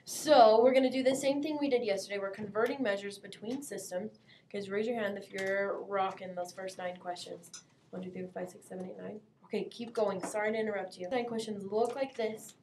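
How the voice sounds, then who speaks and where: A woman's voice: mid-range voice, steady tone, a little fast, darkish tone. Upbeat woman teaching a roomy classroom. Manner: upbeat, calls on students and quizzes the class. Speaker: math teacher. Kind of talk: classroom instruction. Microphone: distant camera mic. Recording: roomy classroom, voice from far off, faint hum.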